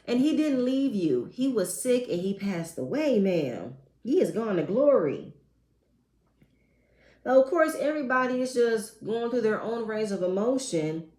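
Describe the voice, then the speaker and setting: A woman's voice: fairly high pitch, very animated, measured pace, dark tone. A woman giving a casual, sassy recap of a reality TV episode with slangy asides. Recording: echoey room.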